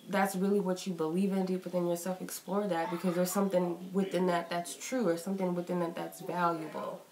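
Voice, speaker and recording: A tarot reader with a lowish, slightly mellow voice and vocal fry gives a casual, rambling reading in a chatty, reflective way. She mentions she's getting sick and sounds a little out of breath. The room is echoey with faint noise.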